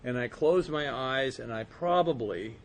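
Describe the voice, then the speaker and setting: A man giving a personal recovery testimony to a group, earnest and storytelling, slowing and softening at quiet moments. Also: medium pitch, slight background noise. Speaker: speaker sharing his recovery story.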